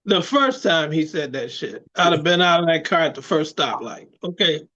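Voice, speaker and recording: A blunt, outspoken man chatting on a casual show, stressing his points and swearing freely. His voice sits a little high, and the recording sounds somewhat dull and muffled. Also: expressive, normal speed, bright, forceful tone. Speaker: podcast co-host. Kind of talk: casual chat.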